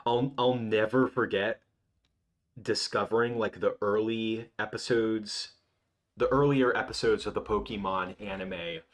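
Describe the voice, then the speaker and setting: A man in his twenties hosting a casual livestream, rambling and reminiscing with lots of restarts. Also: on the low side. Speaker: livestream host.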